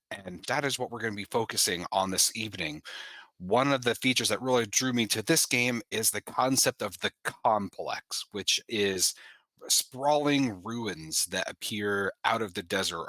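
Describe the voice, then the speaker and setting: A male game master who lays out the setting in a relaxed, explanatory way. His voice is bright and forward, and the recording is dry and close. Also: on the low side, no room sound. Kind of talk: casual chat and game setup.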